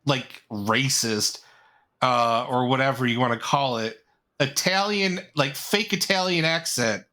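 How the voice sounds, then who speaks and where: A man's voice: mid-range voice, a little slow, pushed and bright. A man co-hosting a podcast in casual chat, rambling and repeating words as he builds his point. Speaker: podcast co-host.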